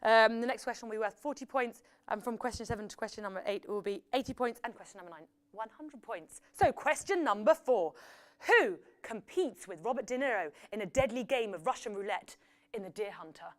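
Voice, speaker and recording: A woman's voice: on the high side, lively intonation, a little fast. A woman hosting a live quiz, reading out questions and results with chatty, jokey asides. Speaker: quiz host.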